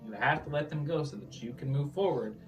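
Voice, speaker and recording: A man's voice: a little high, a little fast. A man with a Midwestern accent co-hosting a tarot reading, loose and joking, laughing often and swearing casually. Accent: Midwestern American. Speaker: tarot reader, co-host. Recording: distant mic with music underneath.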